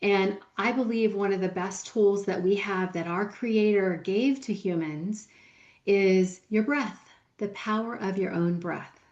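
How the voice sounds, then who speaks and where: Woman, podcast co-host, coach, gentle steady explaining, dull muffled recording. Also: mid-range voice, a little slow, reverberant. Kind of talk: casual podcast conversation.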